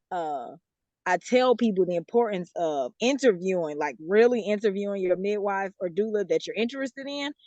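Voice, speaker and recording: A woman's voice: medium pitch, dry recording, lo-fi sound. Chatty Southern woman, dry close sound. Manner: chatty, laughs often, explains with many fillers. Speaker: guest author. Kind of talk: casual interview answers.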